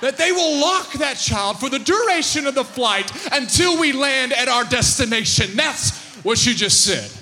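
A man in his thirties preaching a sermon, telling stories with lively restarts and repeated words. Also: very high-pitched, normal speed, big-room sound, slight background noise. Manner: animated storytelling with repeated restarts. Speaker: pastor.

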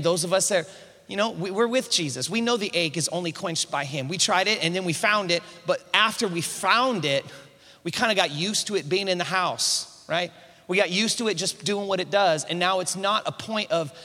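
A man preaching a sermon to a congregation, energetic, with call-and-response prompts and frequent restarts. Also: sits high. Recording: reverberant hall sound.

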